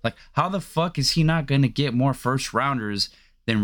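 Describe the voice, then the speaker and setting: A man's voice: medium pitch, moderate pace, a bit bright. A young man hosting a sports podcast, ranting in a heated, profane, rambling way full of fillers. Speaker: podcast host. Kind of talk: casual sports podcast rant.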